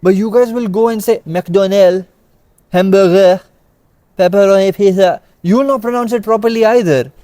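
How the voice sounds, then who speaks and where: A man's voice: sits high, mellow, no room sound. A young man from India co-hosting a casual chat show, ranting in an emphatic, exasperated way and rattling off long lists. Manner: exasperated, emphatic, rapid-fire listing. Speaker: podcast co-host.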